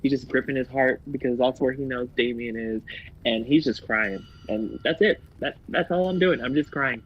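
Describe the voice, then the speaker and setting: A man playing in a tabletop game, describing his character in an emotional, animated way and swearing freely. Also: mid-range voice, normal speed, highs cut off, a little hiss or hum. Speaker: player.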